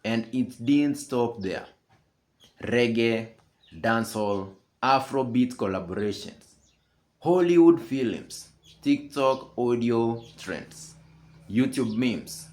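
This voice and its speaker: A man's voice: mid-range voice, takes it slowly, darkish tone. A man delivering scripted commentary as a channel host, emphatic and full of rhetorical questions.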